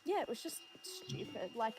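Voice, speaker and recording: A woman's voice: on the high side, very animated, normal speed, darkish tone, soft background music. A woman chatting casually as a guest on a stream, her speech full of "like" and "um". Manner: chatty and peppered with "like" and "um". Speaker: stream guest and video creator. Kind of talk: casual chat.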